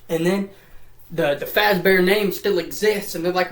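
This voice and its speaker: A man's voice: a little high, moderate pace, a bit bright, roomy sound. A man rattling through a comedic lore summary, rambling and profane, with repeats and silly put-on voices. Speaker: lore recap commentator.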